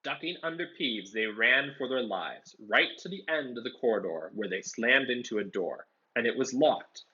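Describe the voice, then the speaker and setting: A man reading a storybook aloud, pausing to explain words in simple terms. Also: mid-range voice, husky. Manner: animated, explains words as he reads. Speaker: storybook reader. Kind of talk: read-aloud with explanatory commentary. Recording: dull lo-fi recording.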